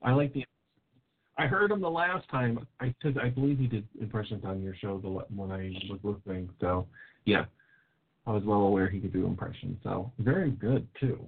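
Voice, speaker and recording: Husky low-voiced man co-host. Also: normal speed. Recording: tinny phone-like line.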